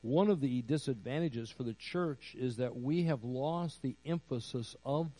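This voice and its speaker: A pastor preaching a sermon slowly and deliberately, building to emphatic raised phrases. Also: male voice, medium pitch, mellow, no room sound, low-quality recording. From United States. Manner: slow, deliberate preaching with rising emphatic peaks.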